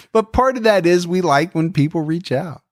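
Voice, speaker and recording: A man's voice: high-pitched, expressive, moderate pace, no room sound. Bantering male podcast co-host, dry sound. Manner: joking, self-deprecating banter. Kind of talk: casual chat.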